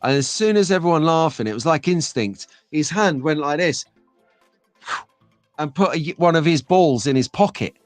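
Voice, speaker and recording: A man's voice: on the high side, lively intonation, moderate pace, no room sound, soft background music. A middle-aged man hosting a live stream, chatting casually and reading out viewer comments. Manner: chatty, rambling, reads chat comments aloud. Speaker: host of a live stream show.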